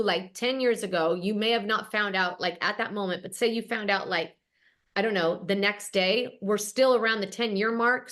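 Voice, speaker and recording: A woman host chatting about reality TV in an animated, gossipy way, talking straight to her viewers. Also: fairly high pitch. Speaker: podcast host. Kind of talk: casual gossip recap.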